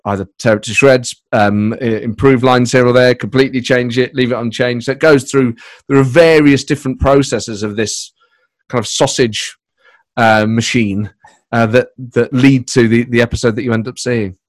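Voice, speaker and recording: A man's voice: medium pitch, steady tone, no room sound, studio quality. A man, a comedy writer and voice performer, chatting casually in an interview from his spare room, rambling and breaking into his own sentences. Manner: rambling, self-interrupting, with quick bursts of put-on voices. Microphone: microphone on a laptop.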